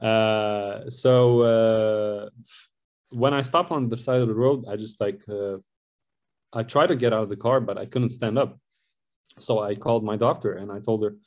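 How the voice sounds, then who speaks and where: A man from Lebanon, telling his own story in an interview in a rambling, halting way. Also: mid-range voice, a little mellow. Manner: rambling, with many fillers and restarts. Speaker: guest.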